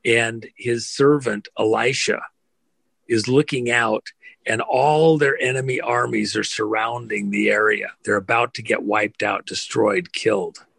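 A man's voice: mid-range voice, steady tone, a little slow, creaky, a bit bright, husky, dry recording. A man delivering an impassioned, emphatic monologue, stacking phrases in rousing lists.

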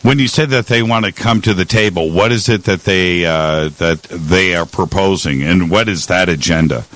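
A man hosting an interview, asking measured questions. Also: sits low, fairly bright tone. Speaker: interview host.

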